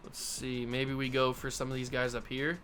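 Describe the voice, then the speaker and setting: A man's voice: medium pitch, completely flat delivery, normal speed, a bit bright, soft background music. A young man hosting a football video game playthrough, commenting casually and mocking himself as he swings between groans and yelps. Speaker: gaming YouTuber host.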